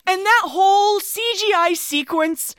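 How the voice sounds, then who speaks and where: A woman co-hosting a podcast, chatting casually and excitedly as she recaps a movie, with plenty of laughing and swearing. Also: very high voice, a little slow, dry recording, clean studio sound. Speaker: podcast co-host.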